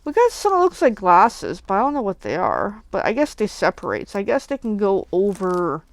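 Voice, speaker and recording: A woman crafter chatting casually while making cards, gushing with excitement and slipping into whispers over cute things. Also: mid-range voice, a little fast, no room sound. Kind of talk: casual crafting livestream chat.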